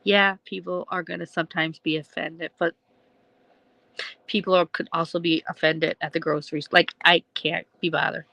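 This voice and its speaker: A woman's voice: lowish voice, flat delivery, normal speed, vocal fry, bright, forceful tone, no echo, low-quality recording. A woman hosting a casual livestream, rambling between thoughts, laughing often and swearing freely. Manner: laughs often, swears, trails off mid-sentence. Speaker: livestream host.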